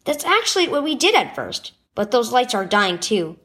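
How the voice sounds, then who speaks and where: A woman's voice: a little high, very animated, normal speed, a bit bright. A woman voicing an irritated girl in a storybook reading, huffy and exasperated. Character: irritated older sister, a kid.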